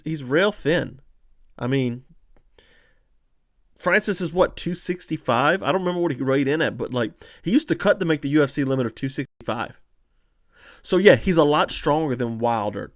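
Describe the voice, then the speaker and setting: A man hosting a casual fight-analysis stream, reading chat comments and talking in an animated way with lots of fillers and restarts. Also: on the high side, no echo, studio quality. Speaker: podcast host analyzing fights.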